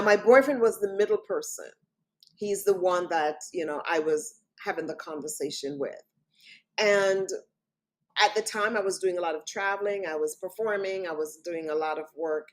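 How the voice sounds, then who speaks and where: A woman guest on an interview show, recounting a personal story in vivid detail and often quoting what others said. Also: on the low side. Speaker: author guest.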